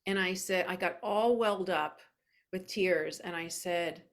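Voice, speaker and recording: A woman hosting an interview, chatting warmly and emotionally about her own experience. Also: on the low side, unhurried. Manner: warm, emotional, chatty storytelling. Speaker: podcast host. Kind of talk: casual interview.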